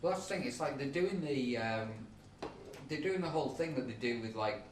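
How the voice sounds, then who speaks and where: A man's voice: medium pitch, animated, a little fast, distant mic. A man co-hosting a podcast, telling things in a hesitant way with many fillers. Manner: hesitant, filler-heavy storytelling. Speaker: podcast co-host. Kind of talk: casual chat. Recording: echoey room, off mic, faint noise.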